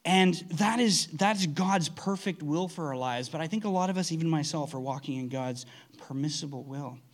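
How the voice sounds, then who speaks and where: A man's voice: fairly high pitch, normal speed. A man preaching a conversational sermon, earnest, often restarting his sentences. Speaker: pastor.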